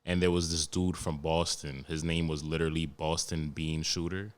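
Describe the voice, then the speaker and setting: Young male podcast host from New York, deep low voice, swears freely and tells stories with energy. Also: moderate pace, clean tone. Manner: profane, animated storytelling. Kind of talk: casual podcast chat.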